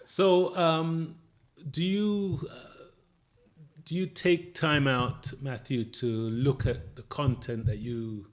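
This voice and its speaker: A man's voice: mid-range voice, steady tone, takes it slowly. A man from England with a mixed English, Jamaican and American accent, hosting a casual podcast interview and talking in a rambling, hesitant way full of fillers. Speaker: podcast host.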